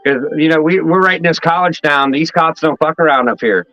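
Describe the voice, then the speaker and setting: A man's voice: fairly high pitch, brisk, bright, forceful tone, lo-fi sound. A man from Pennsylvania hosting a casual talk show, telling rambling, profane stories in a loose, chatty way. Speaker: show host. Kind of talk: casual chat, storytelling.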